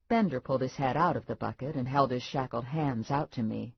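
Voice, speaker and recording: A woman narrating an audiobook in first person, wry and expressive with deadpan asides. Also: a bass voice, brisk, creaky, hardly any pauses, husky, no echo. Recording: dull lo-fi dry audiobook recording.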